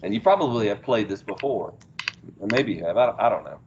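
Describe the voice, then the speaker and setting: A man's voice: lowish voice, animated, fairly quick, muffled recording, noisy background. A male math teacher, lecturing a class, asking questions and praising the answers. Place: classroom, heard through a small speaker.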